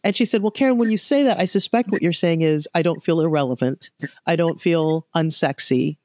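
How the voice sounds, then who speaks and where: Animated woman in her fifties, dry sound. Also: lowish voice, fairly quick, dry recording. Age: 50s. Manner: animated, acts out quoted dialogue. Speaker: guest author. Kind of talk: conversational interview.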